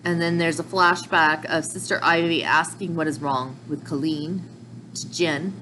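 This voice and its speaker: A woman casually recapping manga chapters in a chatty, excitable way, with slips and restarts. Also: low-pitched, measured pace, a little hiss or hum, low-quality recording. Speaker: manga reviewer.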